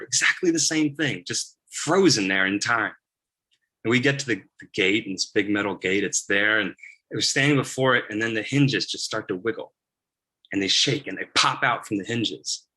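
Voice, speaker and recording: A man's voice: mid-range voice, normal speed, pushed and bright. A man preaching a first-person narrative sermon in a casual storytelling manner with many fillers.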